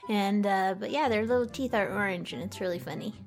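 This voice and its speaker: A woman's voice: mid-range voice, a little fast, soft background music. A woman co-hosting a podcast in a playful, chatty way. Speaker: podcast co-host. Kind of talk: casual chat.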